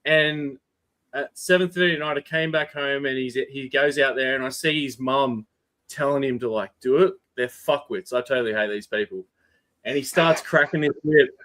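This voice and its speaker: Australian man, slightly higher voice, casual chat, swears a lot, animated storyteller.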